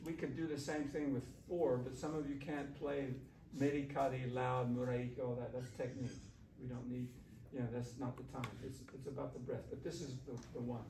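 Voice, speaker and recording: A man leading a shakuhachi workshop, coaching students on their breathing in a relaxed, encouraging way. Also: medium pitch. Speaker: shakuhachi teacher. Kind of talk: workshop instruction. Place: classroom. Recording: roomy, distant mic, faint room noise.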